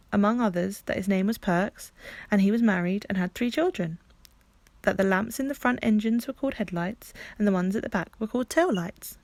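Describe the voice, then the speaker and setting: A woman's voice: mid-range voice, dry recording. Woman reading a storybook aloud. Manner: calm, clear storytelling. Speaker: library storytime reader. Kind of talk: reading a children's book aloud.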